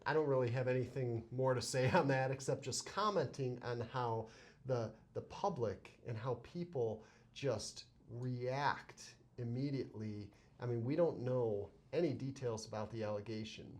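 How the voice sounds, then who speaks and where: A man's voice: mid-range voice, normal speed. Jokey male lawyer co-host. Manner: jokey, laughs often while telling stories. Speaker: co-host, criminal defense lawyer. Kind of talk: casual podcast chat.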